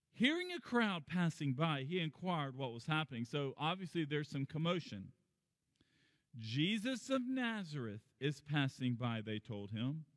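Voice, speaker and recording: A man preaching a sermon in a conversational way, his voice rising higher and louder when he stresses a point. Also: dry recording, big-room sound. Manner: conversational preaching that climbs in pitch and volume for emphasis. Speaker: pastor.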